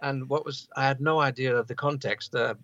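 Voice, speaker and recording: A man's voice: mid-range voice, a little fast. Chatty male correspondent on a dull line. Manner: chatty, animated storytelling. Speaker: football correspondent in Japan. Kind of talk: casual radio interview.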